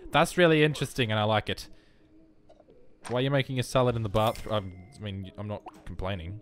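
A man's voice: fairly low pitch, fast talker, a little hiss or hum. A young man giving wry, self-mocking commentary while playing a life-simulation game. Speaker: let's play host. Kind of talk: casual gameplay commentary.

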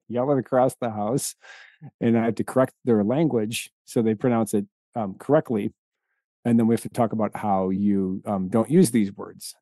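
A middle-aged man co-hosts a casual podcast and tells stories with lively energy, chuckling as he talks. His voice is low and warm. The sound is dry and close, as from a podcast mic in a small quiet room. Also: no echo. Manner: animated storyteller, laughs while telling stories. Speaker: podcast co-host.

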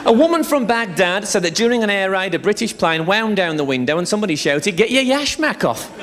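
A man's voice: high voice, expressive, fast talker, a crowd in the background. A man doing a live stand-up routine on a theatre stage, telling bawdy, swear-laden stories in a chatty way. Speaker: stand-up comedian.

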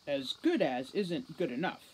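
A woman's voice: low voice, animated, measured pace, a little hiss or hum, rough recording. Woman doing a barking, stern elf commander. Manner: barking orders, forceful. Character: stern, gruff male elf police commander.

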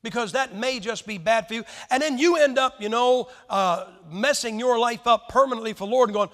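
A man's voice: very high voice, fairly quick, vocal fry, hardly any pauses, a bit bright. A man in his sixties preaching a folksy sermon, joking and firing rhetorical questions at the congregation. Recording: long hall reverb.

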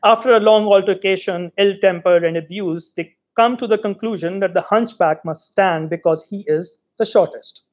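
A man reading a short story aloud in an expressive, theatrical way. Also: high-pitched, moderate pace, few pauses. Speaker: reader.

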